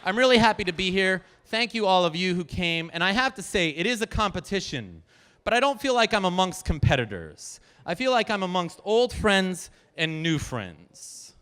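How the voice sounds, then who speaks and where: Lively man telling a story on stage. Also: high voice, moderate pace, clean tone. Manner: animated, self-amused, chatty with the audience. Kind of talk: live storytelling performance. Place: stage at a live storytelling event. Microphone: handheld stage microphone.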